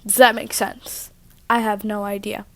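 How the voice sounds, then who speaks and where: A woman's voice: medium pitch, little pitch movement, unhurried, fairly bright tone, no echo. A woman telling a story in a chatty, rambling vlog, interrupting herself often, recorded on her own mic at home. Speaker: vlogger. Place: living room at home. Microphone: own microphone.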